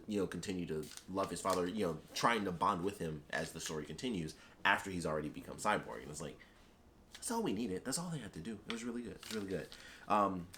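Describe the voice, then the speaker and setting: A man's voice: sits low, a bit bright, slight background noise. A man giving a casual, rambling spoken film review, enthusiastic and full of fillers. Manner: rambling and enthusiastic, heavy on "like" and "you know". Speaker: YouTube movie reviewer.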